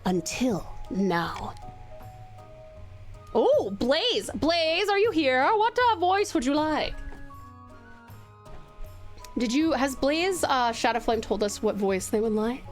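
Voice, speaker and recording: A young woman, streaming a game live, excitable, laughing and swearing as she talks to chat. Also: high voice, takes it slowly, faint music behind. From Tasmania, Australia.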